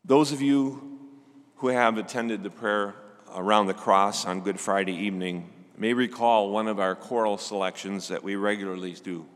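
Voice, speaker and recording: Older man, preacher, slow sermon, lowish voice, long church echo. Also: steady tone.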